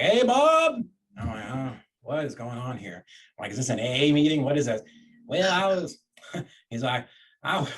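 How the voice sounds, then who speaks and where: A man telling a personal story to an interviewer, conversational and lively. He acts out what he and others said and often restarts his sentences. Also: mid-range voice. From Florida, USA. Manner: animated storyteller, acts out quoted voices, many restarts. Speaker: real estate investor and guest.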